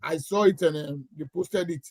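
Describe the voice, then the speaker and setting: A man's voice: on the high side, normal speed, vocal fry, a little mellow, dry recording. Man hosting a call-in livestream. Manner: plain, inviting callers, slight restarts. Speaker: livestream host.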